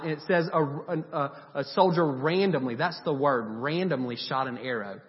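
A man preaching a sermon, retelling Bible stories in a lively, animated way and giving the people in them voices. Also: fairly high pitch, normal speed, hardly any pauses. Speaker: pastor. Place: church sanctuary. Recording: dull recording with long reverb.

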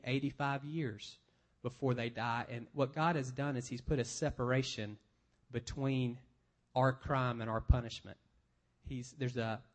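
A man, a pastor, preaching a conversational sermon, reading scripture aloud and explaining it with everyday examples. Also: mid-range voice.

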